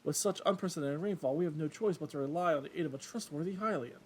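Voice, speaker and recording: A man's voice: a little high, quick pace, slight background noise, natural voice. A man reading game dialogue as a grand old male fish-folk king with formal, courtly phrasing. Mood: regal. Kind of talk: let's play voice reading.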